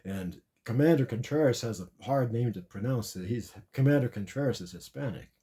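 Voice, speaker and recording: A man's voice: mid-range voice, expressive, normal speed, dark tone. A man telling a long, rambling comic story about a dream, repeating and restarting his words often.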